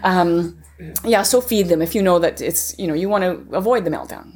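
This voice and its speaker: A middle-aged woman hosting a homeschooling workshop, teaching with lively sing-song rises as she acts out lessons with a child. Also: lowish voice, moderate pace.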